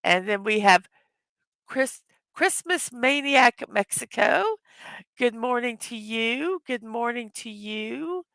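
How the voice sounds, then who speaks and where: Tired, hoarse woman greeting her chat. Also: on the high side, animated, slow pace, dry recording. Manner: warm greetings to chat viewers one by one. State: tired from little sleep. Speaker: livestream host. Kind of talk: casual morning livestream chat.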